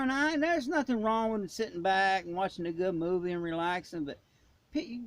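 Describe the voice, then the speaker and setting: Blunt high-voiced man ranting. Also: dry recording. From Florida, USA. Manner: blunt, emphatic, folksy. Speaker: prepping channel host. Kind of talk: ranting vlog.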